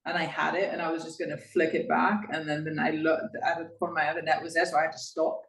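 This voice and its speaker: A woman's voice: sits low, level tone, quick pace, creaky, fairly bright tone. A woman co-host tells stories with blunt, salty animation. Her voice rings with a roomy echo, and she chats casually. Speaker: podcast co-host. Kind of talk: casual podcast chat.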